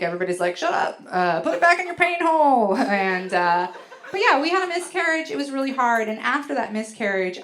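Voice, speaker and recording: A woman's voice: medium pitch, fairly bright tone. A middle-aged woman performing a stand-up comedy set on a venue stage, telling rambling stories with lots of fillers and acting out other people's voices. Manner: chatty, filler-heavy storytelling with big acted-out voices.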